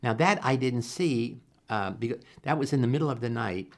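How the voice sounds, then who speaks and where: An older man, a psychologist, answering interview questions in an earnest, animated way, acting out quoted dialogue and often restarting his sentences. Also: mid-range voice, normal speed. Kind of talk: reflective interview storytelling.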